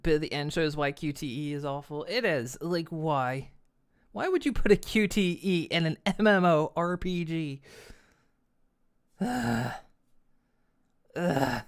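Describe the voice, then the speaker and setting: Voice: mid-range voice, animated, slow, long pauses, smooth. A streamer giving live gameplay commentary, ranting with exasperation, swearing often and laughing between complaints.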